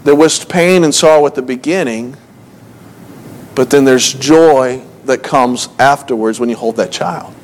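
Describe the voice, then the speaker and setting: A man's voice: medium pitch, unhurried, slight background noise. A man preaching a conversational sermon, telling family stories with self-mocking asides, restarting phrases, and reading scripture in old-fashioned wording. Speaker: pastor.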